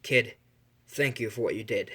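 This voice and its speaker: A man voicing a wealthy middle-aged father in an improvised fan story, firm and low-key. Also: normal speed, a bit bright, slightly rough. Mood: grateful.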